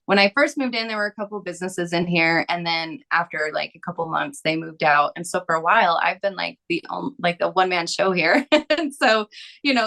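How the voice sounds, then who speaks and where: Young woman guest telling a story on a podcast, rambly, says like a lot, lowish voice. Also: a bit bright. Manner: rambling, full of "like" fillers. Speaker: guest, massage therapist. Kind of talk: casual storytelling.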